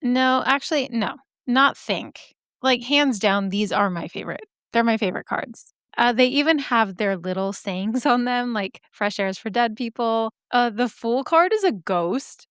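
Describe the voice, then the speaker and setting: This young podcast host has a fairly high, fairly bright, clear and resonant voice, recorded dry with clean studio sound. She gushes through a casual chat, swearing freely, and her voice is a little scratchy today.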